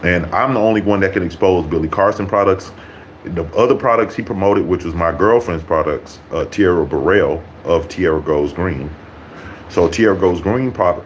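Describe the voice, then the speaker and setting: A man's voice: low-pitched, a little hiss or hum, low-quality recording. A man ranting to his YouTube viewers, blunt and mocking, swearing constantly. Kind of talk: profane ranting vlog.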